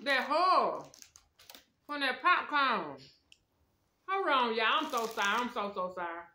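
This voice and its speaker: Chatty bright-voiced woman reviewing snacks. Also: on the high side, sing-song, unhurried, slight background noise. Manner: chatty, talks straight to viewers with slang. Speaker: food review vlogger. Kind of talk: casual snack review talking to viewers. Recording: echoey room.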